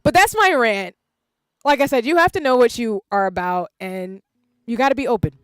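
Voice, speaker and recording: A woman's voice: on the high side, lively intonation, moderate pace, fairly bright tone, clean tone, dry recording, clean studio sound. A woman in her thirties chatting casually on a livestream, rambling and candid and swearing freely. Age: 30s. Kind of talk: casual stream chat.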